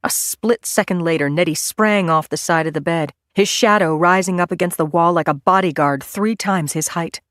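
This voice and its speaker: A woman narrating a thriller audiobook in a measured, steady storytelling manner. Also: on the low side, dry recording, clean studio sound. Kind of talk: scripted narration.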